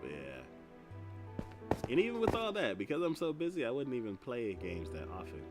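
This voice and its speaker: A man's voice: medium pitch, moderate pace, loud music behind the voice. A man hosting a gaming podcast, chatting casually while he plays and telling stories with lots of laughter. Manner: animated storytelling with frequent laughter. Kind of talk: casual chat while playing.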